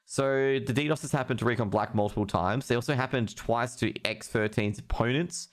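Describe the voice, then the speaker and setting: A man's voice: mid-range voice, brisk. A young man hosting a live stream, ranting with heavy profanity about esports news. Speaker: streamer host.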